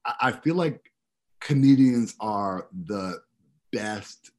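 Man, podcast host, slight lisp, low voice, halting restarts, casual interview. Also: expressive, darkish tone. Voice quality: slightly lispy from dental expanders. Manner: rambling, halting with many restarts.

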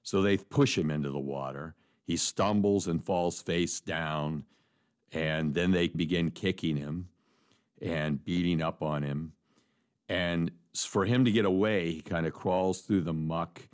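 A man's voice: low-pitched, fairly even intonation, unhurried. A male interviewer summarizing a story and asking the author questions in a conversational way.

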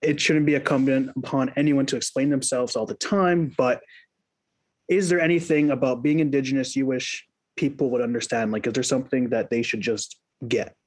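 A young man, a student interviewer, asking questions in a halting way with many fillers. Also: medium pitch, steady tone. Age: young adult.

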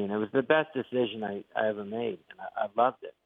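A middle-aged male actor and comedian, guesting in a laid-back interview, tells stories at a quick pace and acts out the quotes with animation. His voice is creaky and on the low side. The sound comes through a tinny phone line, dry and echo-free.

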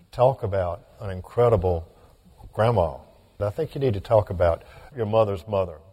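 A man hosting a radio interview, asking relaxed, conversational questions. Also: fairly low pitch, normal speed, husky, big-room sound. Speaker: radio host.

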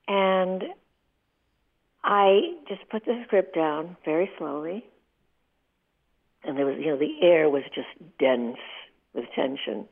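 A woman in her eighties tells a heartfelt story as a radio guest. Her voice is low and gravelly, and she speaks with vivid feeling. The sound is thin and tinny, like a phone line. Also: unhurried. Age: 80s. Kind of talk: emotional storytelling in a radio interview.

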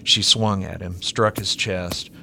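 A male author reading his own novella aloud and talking about writing it, with a measured, deliberate delivery. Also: low-pitched, fairly even intonation, creaky, pushed and bright, a little hiss or hum.

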